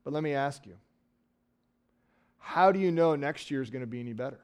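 In a church sanctuary, a pastor preaches to his congregation with a smooth, mid-range male voice, animated and brisk. He keeps the sermon conversational and poses rhetorical questions.

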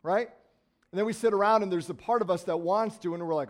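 Male pastor, somewhat high-pitched, casual but eager delivery for a church sermon. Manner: conversational and enthusiastic, with asides and quick bursts of excitement. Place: church sanctuary.

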